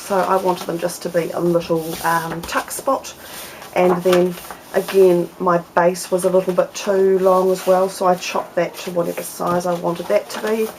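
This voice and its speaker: A woman's voice: fairly low pitch, little pitch movement, moderate pace, a little mellow, slight background noise, poor audio. A woman hosting a casual papercraft tutorial, explaining each step in a chatty way with fillers.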